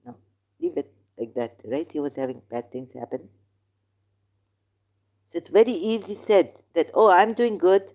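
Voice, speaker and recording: Host for a slow, argumentative solo commentary; non-native English, mellow low-key tone. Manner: rambling, argumentative, questions the listener. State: in neck pain, groaning. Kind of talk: casual religious commentary monologue.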